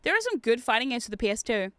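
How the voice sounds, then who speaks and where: A young woman streaming as a VTuber, chatting in a rambling, giggly way with sudden animated outbursts. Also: on the high side, racing, faint music behind. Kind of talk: casual chat while streaming retro games.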